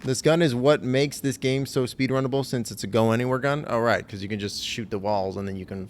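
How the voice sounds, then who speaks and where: A man's voice: mid-range voice, fairly even intonation, fairly quick, slight background noise. A young man swearing and joking sarcastically as he plays a game on a live stream. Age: young adult.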